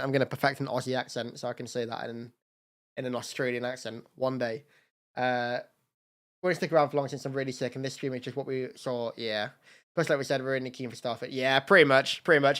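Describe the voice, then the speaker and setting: A man's voice: medium pitch, steady tone, a little fast, fairly bright tone. A man chatting casually on a livestream, rambling with fillers and thanking donors by name. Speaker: streamer.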